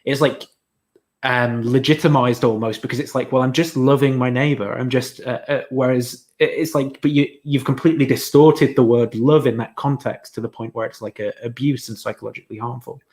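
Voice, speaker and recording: A man's voice: mid-range voice, fairly even intonation, fairly quick, darkish tone. A man hosting an interview, speaking thoughtfully and hesitantly with many restarts. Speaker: interview host. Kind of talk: casual conversation.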